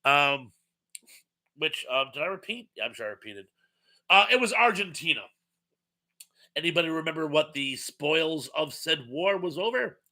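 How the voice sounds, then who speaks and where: Man, live stream host, casual chat, rambling, very bright voice. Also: on the high side, animated, normal speed, pauses often. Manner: chatty and rambling, many ums. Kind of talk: casual live chat, reading viewer comments.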